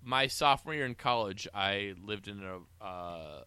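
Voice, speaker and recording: Chatting casually about a movie as a podcast co-host, this man tells stories and rambles with fillers. His fairly low voice is animated, unhurried, pushed and bright, with a clean tone.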